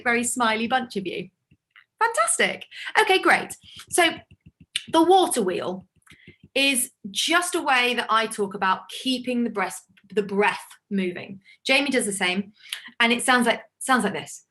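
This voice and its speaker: A woman leading an online choir warm-up over a video call, encouraging the singers and demonstrating each sigh and call herself. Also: fairly high pitch, very animated, moderate pace. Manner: encouraging, demonstrates vocal calls and sighs. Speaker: choir leader.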